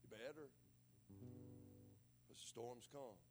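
A man with a rural Southern American accent preaching a sermon as pastor, folksy and emphatic, rising to shouted peaks. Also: medium pitch, slow pace, music in the background.

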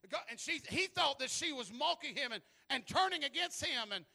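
A man preaching a sermon who tells stories in a low voice, then builds to shouting, often repeating words as he starts phrases. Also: lively intonation, brisk, gravelly.

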